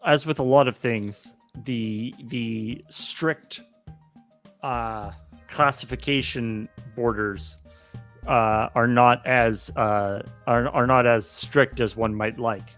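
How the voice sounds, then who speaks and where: Man, musing, hesitant, uh-filled, average pitch, light music behind. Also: steady tone, slow pace, fairly bright tone. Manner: musing, hesitant, frequent uhs. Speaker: stream co-host. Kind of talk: casual chat.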